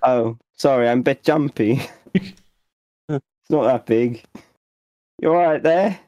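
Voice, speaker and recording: A man's voice: medium pitch, takes it slowly, mellow, no echo, highs cut off, pitched below the performer's own voice, natural voice. A man voicing a naive, childlike male adventurer in a tabletop role-play, earnest and sing-song.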